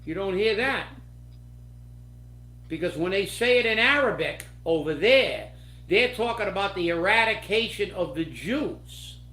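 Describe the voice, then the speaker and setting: A man delivers political commentary in a slow, deliberate rant full of indignation. His voice echoes around a roomy space. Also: high voice, expressive, bright, forceful tone. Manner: angry, indignant ranting.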